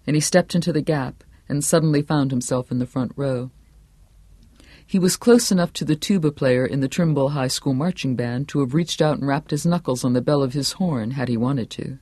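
A man's voice: on the high side, normal speed, darkish tone, dry recording. Man narrating a tense novel, dry sound. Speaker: audiobook narrator. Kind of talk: scripted narration.

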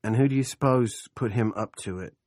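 A man voicing a smug, menacing older town boss who speaks slowly and oilily. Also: medium pitch, darkish tone, no room sound, clean studio sound, lightly acted.

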